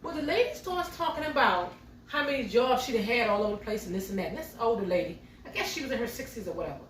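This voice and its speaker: While cooking at home, a middle-aged vlogger tells a casual story straight to her y'all audience. She speaks fast in a fairly high voice with lively intonation. Slight background noise and a distant mic give the recording a roomy quality.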